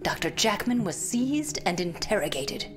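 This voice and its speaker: An actress voicing a woman who reads out research reports in a flat, clinical way in a video game. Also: medium pitch, moderate pace, over music, lightly acted. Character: adult woman reading cold research reports.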